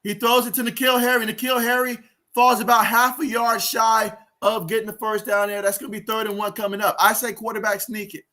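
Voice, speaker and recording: A man hosting a live sports watch-along, giving play-by-play, reacting loudly to plays and reading viewer comments aloud. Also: high-pitched, brisk. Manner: excitable fan, shouts and groans at plays. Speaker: livestream sports host.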